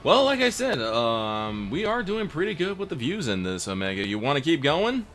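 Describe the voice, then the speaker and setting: A man's voice: a little high, very animated, normal speed, a bit bright. A man hosting a casual let's-play stream, joking loosely and swearing freely as he plays and signs off. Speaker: streamer and show host.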